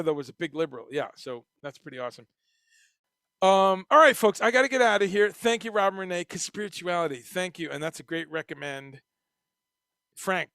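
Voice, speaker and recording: Guy hosting a livestream, swears a lot, gets animated, bright tense gravelly voice. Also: on the high side, no room sound, clean studio sound. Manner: profane, animated, reads chat comments aloud. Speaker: livestream host. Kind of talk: casual livestream chat.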